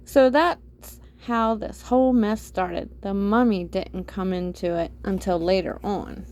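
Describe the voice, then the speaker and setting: A woman's voice: medium pitch, unhurried, darkish tone. A woman reading a children's chapter book aloud as storyteller, inviting the young listeners to join in. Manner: inviting, addresses listeners directly.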